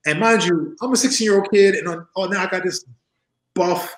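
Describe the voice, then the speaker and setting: A man in his forties with a somewhat high voice tells his stories in a loose, animated way, laughing often and slipping into the voices of the people he describes. He talks from a home room over a video call, and the sound echoes around the room. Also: a little fast. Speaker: interview guest. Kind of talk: casual storytelling in an interview.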